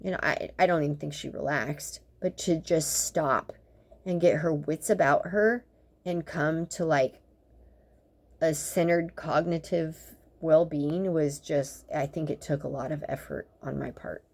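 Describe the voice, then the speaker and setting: A woman's voice: low voice, a little slow, gravelly, a little mellow. A woman in her fifties who works in dentistry, venting in a blunt, profane, sarcastic monologue that rambles with exasperation. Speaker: dental practitioner.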